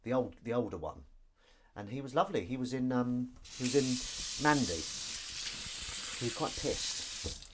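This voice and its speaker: A man's voice: medium pitch, expressive, measured pace, long pauses, noisy background. A young man from England, chatting casually on a live stream from his kitchen and joking as he reads out viewer comments. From northern England. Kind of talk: casual live stream chat while washing up. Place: home kitchen, indoors.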